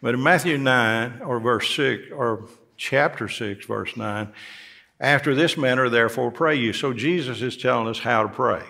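Gravelly preaching pastor. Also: male voice, mid-range voice, normal speed, bright, forceful tone. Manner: folksy preaching, rising emphatically on key words. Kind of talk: sermon. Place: church sanctuary.

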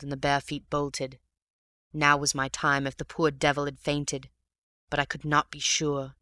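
A man narrating a story aloud in a measured storytelling manner. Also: a little high, completely flat delivery, bright, forceful tone, no echo, studio quality. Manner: measured storytelling, addressing a friend. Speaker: audiobook reader.

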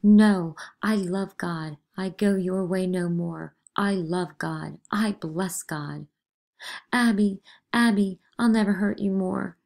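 A woman's voice: medium pitch, steady tone, slow, vocal fry, darkish tone. A woman reading a play aloud, voicing a frightened teenage girl accuser who sobs and pleads in panic. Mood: hysterical. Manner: sobbing, breathless, pleading.

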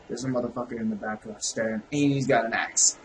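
A young man giving casual, excitable, profane let's-play commentary, shouting reactions at a game. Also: mid-range voice, fast talker, a little hiss or hum, poor audio. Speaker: gaming video host.

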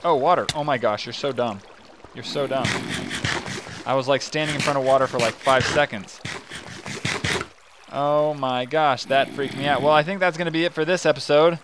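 A man hosting a gaming channel, talking to himself in casual, excitable commentary as he plays. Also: medium pitch, normal speed, long pauses, noisy background. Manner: chatty, excitable, talks to himself while playing.

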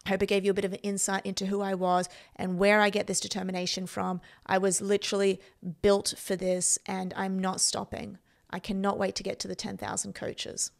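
A woman's voice: mid-range voice, completely flat delivery, brisk, vocal fry. A woman speaking earnestly and with determination to camera in a personal vlog. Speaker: vlogger.

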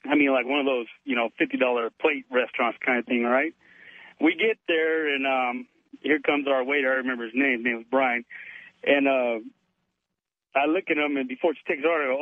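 A man's voice: mid-range voice, brisk, no room sound. A man calling in to a radio show over the phone, telling a story in a boastful, chatty way and calling the host dude. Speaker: caller. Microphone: telephone. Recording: tinny phone line.

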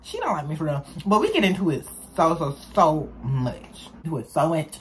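A woman's voice: deep voice, normal speed, a little hiss or hum. A young woman, chatting casually as she tells a story from her school days to her viewers. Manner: chatty, animated storytelling with slang.

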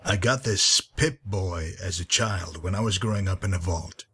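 Game NPC: man playing a husky, low-voiced, weary wasteland guide. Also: normal speed, a bit bright, exaggerated voice. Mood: weary, dry. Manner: dry, weary, patient. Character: gruff grizzled male wasteland guide. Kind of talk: game character dialogue.

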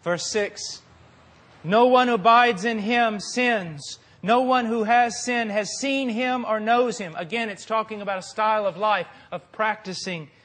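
A man preaching a sermon with passion, moving from quiet, deliberate phrases to forceful peaks. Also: sits high, fairly even intonation. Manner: impassioned, swings from quiet to forceful.

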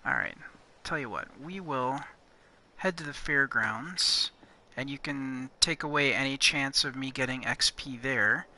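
Soft-spoken gravelly gamer guy. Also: mid-range voice, a little slow. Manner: mutters and half-whispers to himself. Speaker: gamer playing with a friend. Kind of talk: casual gameplay chatter. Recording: noisy home recording.

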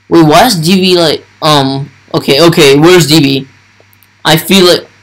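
Slow-talking young man narrating gameplay. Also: on the high side, fairly bright tone, low-quality recording. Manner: thinks aloud while playing, talks to viewers. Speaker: gaming YouTuber. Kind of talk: casual gameplay commentary.

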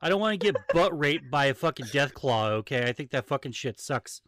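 A man's voice: mid-range voice, animated, brisk, a bit bright, no echo. A man hosting a podcast in casual chat, ranting and joking with heavy swearing. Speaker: podcast host.

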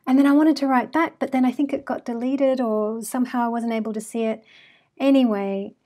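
A woman's voice: fairly high pitch, steady tone, a little fast, warm tone. A woman in her thirties from Australia, her accent mixed with British and American traces, hosting an astrology channel in a chatty, casual monologue with frequent fillers.

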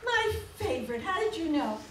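A woman playing a flustered, eager woman being courted, full of breathy exclamations, recorded in an echoey hall from far away. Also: very high-pitched, sing-song, moderate pace, a bit bright, slight background noise, exaggerated voice. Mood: fluttery. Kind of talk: community stage musical acting.

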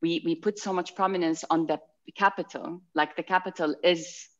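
A woman's voice: lowish voice, normal speed. Woman on a dull video call. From Iraq, Mosul. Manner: animated, switches into Arabic phrases mid-sentence. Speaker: panelist. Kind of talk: casual panel discussion over video call.

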